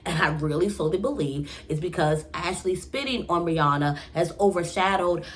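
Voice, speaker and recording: A young woman hosting a TV recap vlog, talking in a casual, exasperated and animated way with many restarts. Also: lowish voice, normal speed. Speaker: TV recap vlogger. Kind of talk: casual rambling recap monologue.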